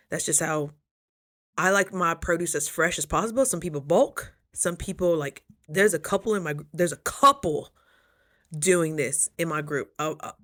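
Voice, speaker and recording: Young woman, vlogger, casual motivational chat, slightly low voice, animated. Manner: chatty, animated, swoops high for quoted voices; chews while talking at times.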